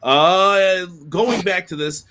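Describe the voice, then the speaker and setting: A man's voice: high-pitched, slow pace, bright, forceful tone, a little hiss or hum. A man co-hosting a casual podcast, chatting loosely and reading viewer comments aloud. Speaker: podcast co-host.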